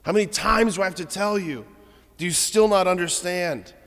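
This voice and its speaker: Man playing a worn-out, nagging, shouting dad; loud, high, long reverb. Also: normal speed. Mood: angry. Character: worn-out, angry father yelling at his kids.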